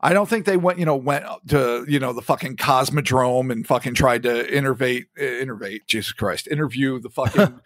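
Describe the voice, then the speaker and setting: A man's voice: mid-range voice, fairly quick, hardly any pauses, no echo, studio quality. A man co-hosting a podcast in casual chat, rambling and swearing freely as he talks. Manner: profane, rambling and animated. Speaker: podcast co-host.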